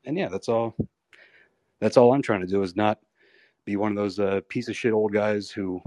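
A lower-pitched man in his thirties tells wrestling stories in a loose, rambling way. He swears freely and acts out the other people in his anecdotes. The recording is dry and close, with no room sound. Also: normal speed, no echo. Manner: rambling, profane, animated retellings. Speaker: pro wrestler guest. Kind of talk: candid storytelling interview.

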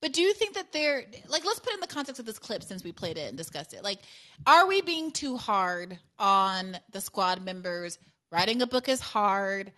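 A woman's voice: mid-range voice, very animated, moderate pace, bright, forceful tone. A woman hosting a podcast in casual political chat, chatty and self-deprecating, laughing often. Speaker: podcast host.

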